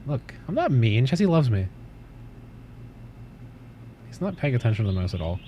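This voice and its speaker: A man's voice: mid-range voice, sing-song, normal speed, dark tone, a little hiss or hum. A man hosting a casual livestream from his desk at home, rambling, swearing offhandedly and cooing at his cat. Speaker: livestream host.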